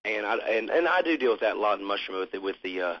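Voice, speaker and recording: A man's voice: on the low side, animated, fast, breathy edge. A man being interviewed about his band, talking in a rambling, laid-back way with casual swearing. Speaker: musician interviewee. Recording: muffled lo-fi recording.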